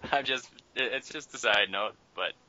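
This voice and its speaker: Very bright-toned wry man. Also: medium pitch, measured pace, a little hiss or hum. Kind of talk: casual chat. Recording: dull lo-fi sound.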